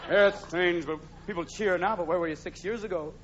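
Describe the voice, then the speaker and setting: A man performing high-energy stand-up comedy, switching between impressions and shouted bits. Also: fairly quick, a little hiss or hum. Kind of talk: stand-up comedy with rapid character voices. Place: large live theater with audience. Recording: dull live 1983 recording with loud crowd.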